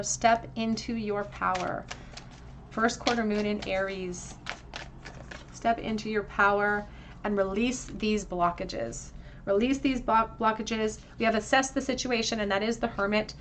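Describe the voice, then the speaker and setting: A woman's voice: mid-range voice, a bit bright. A woman reads tarot cards aloud and speaks directly to her viewers in a heartfelt, emotional way. She talks around braces in a mid-range voice. A faint noise sits under the recording. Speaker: tarot reader. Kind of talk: pick-a-card tarot reading.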